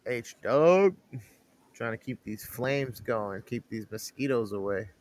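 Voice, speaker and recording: A laid-back man co-hosts a casual podcast chat, joking around and tossing in bro and man. His voice sits at a middle pitch. He is speaking from outdoors by a fire. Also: lively intonation, slow, slight background noise. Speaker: podcast co-host.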